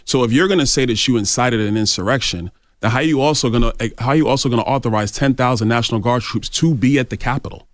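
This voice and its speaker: A man's voice: medium pitch, fast, no room sound, studio quality. A male congressman guest answering interview questions in an assertive, argumentative way. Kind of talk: radio interview.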